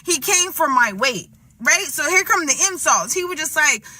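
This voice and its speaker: A woman's voice: high voice, lively intonation, moderate pace, bright, forceful tone, no echo, distant mic. A woman casually telling a rambling story, restarting sentences and often asking "right?".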